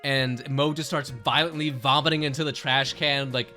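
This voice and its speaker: A man's voice: mid-range voice, moderate pace, soft background music. A young man giving casual, sarcastic commentary, swearing freely and laughing as he ranks things. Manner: animated, profane, sarcastic, laughs often. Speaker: commentary video host.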